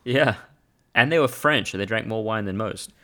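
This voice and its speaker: Young male podcaster, lowish bright voice, deadpan jokes. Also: normal speed. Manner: dry and wry. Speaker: podcast co-host. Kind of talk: casual chat.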